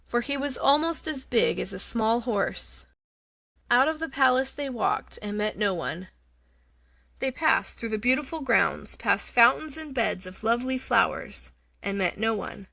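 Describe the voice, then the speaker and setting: A woman narrating a children's fantasy audiobook in a measured, expressive storytelling manner. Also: a little high, creaky, dry recording.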